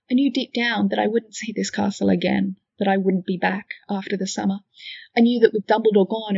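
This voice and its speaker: A woman reading an emotional first-person story with a gentle, wistful delivery. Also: medium pitch, gravelly, husky, no echo. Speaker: fan fiction reader. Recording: dull lo-fi dry recording.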